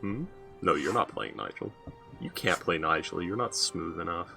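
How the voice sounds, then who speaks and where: A man's voice: sits low, animated, moderate pace, gravelly, pushed and bright, soft background music. A young man running a tabletop game, blunt and teasing, swearing often. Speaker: game master. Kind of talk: casual chat while running a tabletop game.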